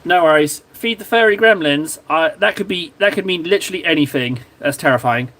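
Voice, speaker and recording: A man's voice: fairly high pitch, brisk, fairly bright tone, a little hiss or hum. A man hosting a live stream, chatting casually and self-deprecatingly while he paints miniatures, often drifting off topic. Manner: rambling, self-deprecating, easily sidetracked. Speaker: livestream host painting miniatures.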